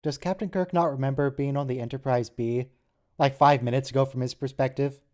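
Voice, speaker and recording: A man's voice: medium pitch, steady tone, fairly quick, darkish tone. A man co-hosting a movie watch-along, chatting casually and tossing out wry questions and jokes. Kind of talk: casual chat over a movie.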